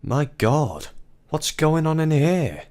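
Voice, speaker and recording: A man's voice: a little high, sing-song, takes it slowly, darkish tone, voice pushed up, full character voice. A man voicing a startled grown woman in a story, asking alarmed questions. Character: startled adult woman, friend of the wife.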